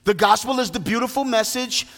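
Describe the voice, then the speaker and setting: A man's voice: very high-pitched, a little fast, a bit bright. A man preaching a sermon as pastor, emphatic and half-singing his phrases, recorded in a large church hall. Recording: long hall reverb.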